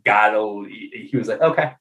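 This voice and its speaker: Guy telling stories on a podcast, bright forceful voice, laughs a lot, lots of ums and likes. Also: medium pitch, moderate pace, poor audio. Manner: animated, laughing often, many fillers and restarts. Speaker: podcast guest. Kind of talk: casual storytelling.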